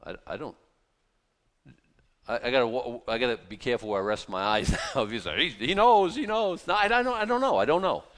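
A man preaching a conversational sermon, animated and informal, with many fillers and restarts. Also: mid-range voice, fast talker, long reverb tail. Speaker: pastor.

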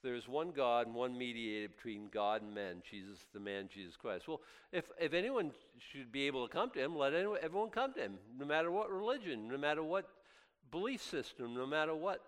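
A man preaching a sermon as pastor, impassioned and swinging from loud highs to quiet asides, often stammering and restarting. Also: lively intonation, fairly quick. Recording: long hall reverb.

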